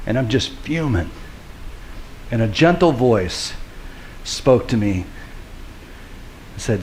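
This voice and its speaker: A middle-aged man, a pastor, giving a sermon in an earnest storytelling way that builds to forceful preaching. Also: medium pitch, animated, slow pace, pauses often, a little hiss or hum.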